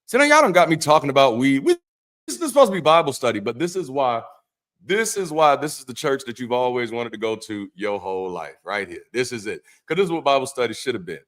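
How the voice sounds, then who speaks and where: A man's voice: mid-range voice, very animated, brisk. Man, ex-pastor, casual livestream chat, profane jokes, loose delivery, restarts his sentences. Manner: loose, profane, joking asides; repeats words and restarts often. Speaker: ex-pastor hosting a Bible study.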